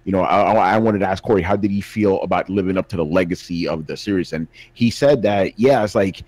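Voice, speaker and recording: A man co-hosting a gaming podcast, telling stories in a relaxed, slangy way. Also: sits low, fairly quick, no room sound. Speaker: podcast co-host and games journalist. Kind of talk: casual chat.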